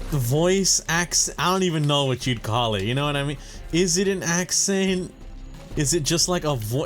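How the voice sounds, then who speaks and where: A young man hosting a gaming channel, chatting casually and profanely over gameplay, rambling and correcting himself as he goes. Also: fairly high pitch.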